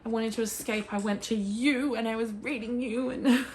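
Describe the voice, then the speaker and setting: An Australian woman talking in a casual chat about books she loves, gushing and excitable, and she swears freely. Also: fairly high pitch, normal speed, a little hiss or hum. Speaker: book vlogger. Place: at home with her cat.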